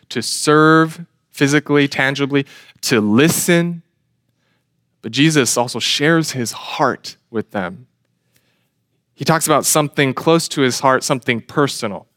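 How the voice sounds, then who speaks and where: A man's voice: mid-range voice, fairly bright tone, no room sound. Male pastor, sermon, earnest and emphatic, rhetorical questions, dry close sound.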